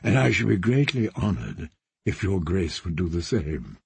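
A man reading an audiobook, voicing an easygoing, courtly young knight who speaks gently and softly. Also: sits low, sing-song, moderate pace, gravelly, slightly rough, no room sound, voice pushed down, heavily acted. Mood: gentle.

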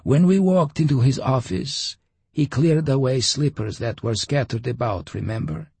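Audiobook character: man doing a seasoned male traveler, higher than the narrator, hushed and confiding. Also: normal speed, creaky, breathy edge, no echo. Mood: hushed uneasy. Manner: hushed, conspiratorial, musing. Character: wary, talkative male veteran traveler.

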